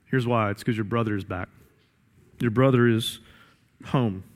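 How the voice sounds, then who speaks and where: A man's voice: mid-range voice, a little slow, close to an everyday voice. A pastor voicing a laid-back young male servant. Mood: casual. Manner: slangy, casual. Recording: echoey hall reverb.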